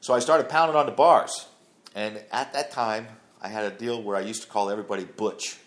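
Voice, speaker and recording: A middle-aged man with a deep, low voice tells a long story from his past. He talks plainly and rambles, filling gaps with "uh" as he goes. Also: fairly even intonation, brisk. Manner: rambling, plain-spoken, many fillers. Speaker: father telling his life story. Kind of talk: casual storytelling.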